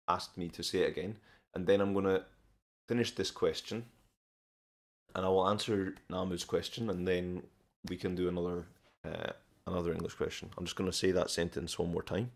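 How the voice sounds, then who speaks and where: A Scottish man hosting a casual live stream, answering viewer questions in a relaxed way with frequent pauses and restarts. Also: low voice, vocal fry. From Scotland. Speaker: live stream host teaching English and learning Korean.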